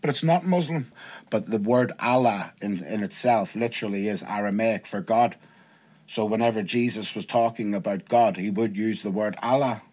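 A man's voice: lowish voice, normal speed, darkish tone. Emphatic man hosting a podcast. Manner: emphatic, keeps checking the listener is following. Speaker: podcast host. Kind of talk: casual podcast chat.

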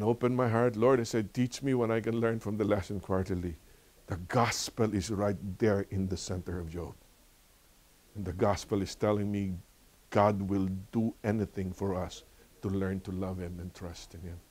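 An older man with a Filipino accent leading a church Bible lesson, telling stories with lively, preacherly repetition. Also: lowish voice. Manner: animated storytelling, laughs often. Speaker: Bible study teacher.

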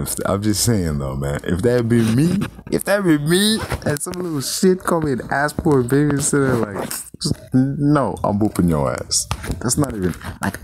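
Deep voiced guy ranting about a movie, swoops way up when he gets worked up, swears a lot. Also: a little hiss or hum. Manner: animated, profane, riffing with mock voices. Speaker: movie reviewer. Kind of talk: casual spoken review.

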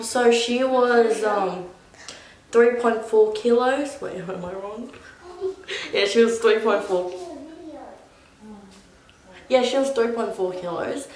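A woman's voice: a little high, slow, pauses often, a little hiss or hum. A young woman casually telling a personal story as a vlogger, rambling with lots of "like". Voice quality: rambling, full of "like". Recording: echoey room.

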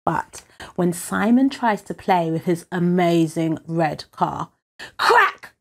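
A woman reading a children's picture book aloud in an expressive storytelling way. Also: on the low side, gravelly. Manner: expressive, unhurried.

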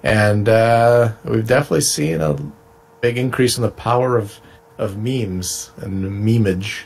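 A man's voice: on the low side, steady tone, a little slow, slightly rough. A young man co-hosting a podcast, chatting casually and explaining ideas in an easygoing way. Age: young adult. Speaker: podcast co-host. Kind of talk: casual comedic chat.

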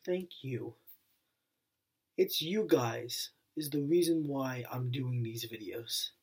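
A man's voice: mid-range voice, slow pace, darkish tone, slightly rough. A young man talking straight to camera in a heartfelt thank-you vlog, earnest and repetitive, with his voice wavering and choking up. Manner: earnest and repetitive, circling back to the same phrases. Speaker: channel owner.

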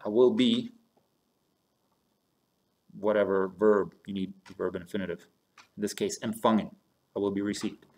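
A man with a somewhat low voice teaches German grammar in a recorded lesson. He explains patiently and slowly, moving back and forth between German sentences and their English meaning, and talks to his students as "you guys". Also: steady tone, darkish tone.

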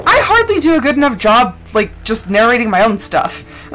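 Over game music, a young adult woman rambles and chats casually as she live-streams a farming game, using plenty of fillers. Her voice is a little high, with big swings in pitch and a moderate pace.

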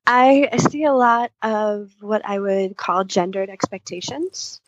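In an interview, a couples therapist with a medium-pitched voice and a measured pace gives thoughtful, lengthy answers. She frequently voices what clients might say to themselves. There's no echo, though the audio is dull.

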